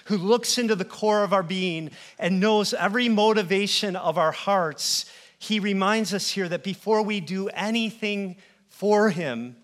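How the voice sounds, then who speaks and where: Earnest higher-voiced male preacher. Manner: earnest, rhetorical repetition, drops to hushed tones. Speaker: pastor. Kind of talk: sermon. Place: church.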